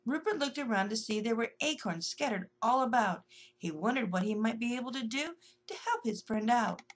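A woman narrating a rhyming children's story in a gentle, sing-song way. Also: fairly high pitch, animated, a little fast.

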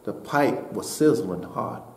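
A man preaching a sermon as pastor, building to shouted peaks and dropping to a hushed voice for a story. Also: mid-range voice, lively intonation, takes it slowly, roomy sound. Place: church sanctuary.

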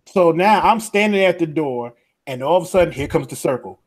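A New York-accented man co-hosts a podcast, spinning a long, animated story and imitating other people's voices. His pitch sits fairly high, his intonation is lively, and he talks fairly quickly.

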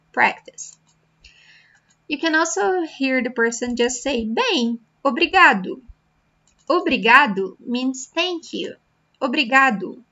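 Woman language teacher, bright tone, slightly dull recording, patient and repetitive. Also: a little high. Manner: slow, patient, repeats words for practice. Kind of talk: beginner language lesson.

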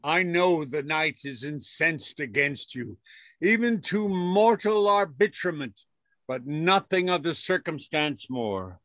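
A man reading a sly servant in a Zoom play reading, with a slow, wry delivery. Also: fairly high pitch, lively intonation, fairly bright tone, no echo. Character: sly male servant egging on a duel. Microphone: video call.

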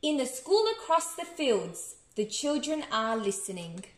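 An Australian woman reading a bedtime story to children in an expressive, sing-song way. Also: high voice, measured pace, a little hiss or hum. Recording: echoey room.

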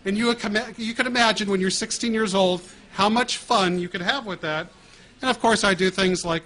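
A middle-aged man with a fairly high voice tells stories to a live audience. He is animated and laughs often as he speaks into a wireless mic. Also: moderate pace. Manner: animated, laughing at his own prank stories. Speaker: author giving a talk. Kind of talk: storytelling talk to an audience. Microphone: wireless mic while walking around.

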